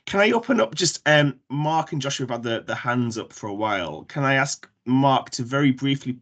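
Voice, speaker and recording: A man moderating an online Q&A over a video call, brisk and joking as he hands over to the next questioner. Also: medium pitch, lively intonation, fairly bright tone. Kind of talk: chairing an online Q&A.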